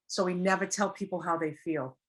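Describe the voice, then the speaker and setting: A woman's voice: fairly low pitch, moderate pace, a bit bright, husky. A woman giving a casual teaching talk on recovery, earnest and plain, acting out little example quotes as she goes. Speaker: recovery speaker.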